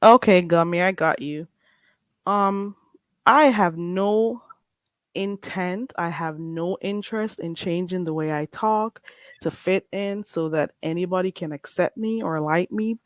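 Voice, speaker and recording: A woman with a Caribbean accent hosting a casual livestream chat, emphatic and animated, often laughing as she talks. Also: fairly low pitch, a little slow, dry recording. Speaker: livestream host.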